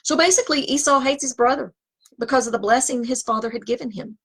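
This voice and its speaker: Woman Bible teacher, husky, casual and digressive. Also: high voice, quick pace, fairly bright tone. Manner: conversational, digressive, with asides. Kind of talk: scripture teaching.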